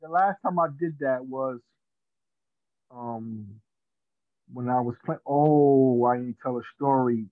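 A man's voice: medium pitch, slow pace, long pauses, no room sound. A man telling a funny story in casual slang, laughing at his own tale. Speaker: podcast guest. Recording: dry tinny phone-like sound.

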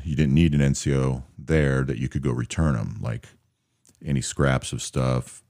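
A man casually telling an army anecdote in a relaxed, matter-of-fact way, acting out the soldiers he quotes. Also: rumbling low, no echo, studio quality. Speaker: storyteller recounting army anecdotes. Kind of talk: casual spoken storytelling.

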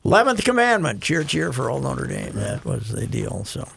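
A man hosting a radio sports talk show, rambling and animated in casual chat, with a gravelly voice. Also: medium pitch, moderate pace, slight background noise. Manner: rambling, animated, laughs often. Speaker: radio host.

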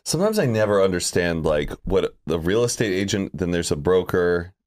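A man's voice: low-pitched, very animated, moderate pace, a little mellow. A man on a casual podcast chat, curious and full of questions. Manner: curious, asks lots of questions. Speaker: podcast co-host.

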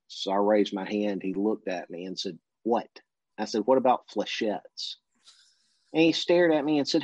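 Male interview guest recounting a story in a laid-back anecdotal way, slightly low voice, dull lo-fi sound. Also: no room sound. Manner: relaxed anecdotal, briefly mimicking the people he quotes. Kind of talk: casual storytelling. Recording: dull lo-fi recording.

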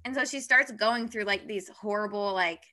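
A young woman co-hosting a casual book chat, retelling the plot in a relaxed way with many fillers. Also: medium pitch, normal speed.

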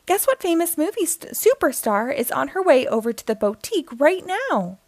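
A woman voicing an excitable, chattery cartoon duck woman in a storybook reading, loud and eager. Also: sits high, moderate pace, no room sound, voice pushed up. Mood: excited.

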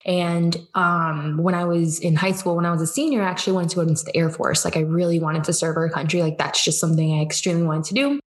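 Young woman from georgia, casual chatty coach, laughs a lot and acts out quotes, kinda low voice. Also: quick pace, few pauses. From Georgia, USA. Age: 20s. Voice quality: animated, laughs often, quotes herself in lively voices. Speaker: guest, business coach. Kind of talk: casual interview chat.

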